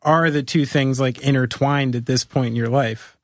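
A man's voice: mid-range voice, steady tone, moderate pace, dry recording, clean studio sound. A man hosting a podcast in a casual chat, joking and rambling, laughing often. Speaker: podcast host.

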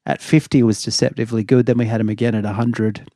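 A man co-hosting a podcast, his voice a little raspy after a long day, talking in a rambling, casual way and laughing often. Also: medium pitch, level tone, quick pace, warm tone, no echo, clean studio sound. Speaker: podcast co-host. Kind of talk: casual chat.

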